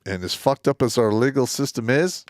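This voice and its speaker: A man's voice: mid-range voice, normal speed, dry recording, studio quality. A man co-hosting a casual livestream, talking bluntly and with plenty of swearing while chiming in with short agreements. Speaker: livestream co-host.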